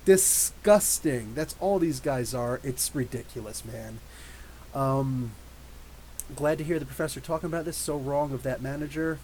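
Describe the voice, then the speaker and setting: A man in his thirties hosting a live podcast, reading out chat messages and rambling animatedly with quick asides and frequent laughs. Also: mid-range voice, a little mellow, a little hiss or hum, poor audio. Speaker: podcast host. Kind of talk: live stream chat reading super chats.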